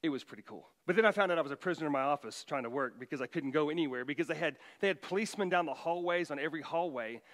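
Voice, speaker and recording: A middle-aged man preaching a sermon as pastor, emphatic, his voice rising loud for quoted commands. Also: on the high side, racing, few pauses, big-room sound.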